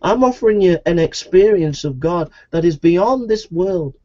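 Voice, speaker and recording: Man, preacher, pleading sermon, repetitive, dark mellow voice, muffled lo-fi recording. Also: expressive, moderate pace. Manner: pleading, repetitive, with sudden rises into a high voice. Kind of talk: evangelistic sermon. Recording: dull lo-fi recording.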